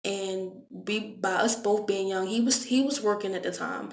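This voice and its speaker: A woman's voice: mid-range voice, fairly even intonation, normal speed. A young woman, telling a candid, conversational storytime vlog and often repeating her words. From Baltimore, US. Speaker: vlogger. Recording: echoey room.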